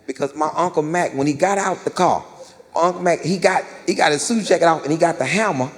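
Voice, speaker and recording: On a theater stage, a stand-up comedian tells long stories at a slightly fast pace, repeating lines and leaping into loud, high-pitched voices when quoting people. The live theater recording has long reverb and a faint crowd ambience.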